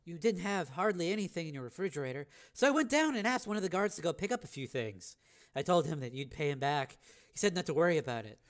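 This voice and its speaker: A man voicing a gentle young woman, talking softly and soothingly. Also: on the high side, very animated, quick pace, voice pushed up. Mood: casual. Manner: soft and soothing. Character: gentle young woman comforting her lover.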